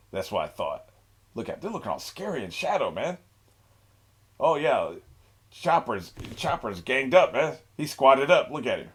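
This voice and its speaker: A man's voice: mid-range voice, sing-song, measured pace, a bit bright, slightly rough. A young man hosting an anime reaction, rambling in a laid-back way with frequent laughs and mocking asides. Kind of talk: casual reaction commentary.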